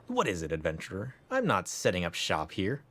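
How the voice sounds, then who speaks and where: A man voicing a flustered male traveling merchant from a game, reading the lines in his own low voice. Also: wildly swooping pitch, a little fast, a bit bright, full character voice. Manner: plainly read game dialogue.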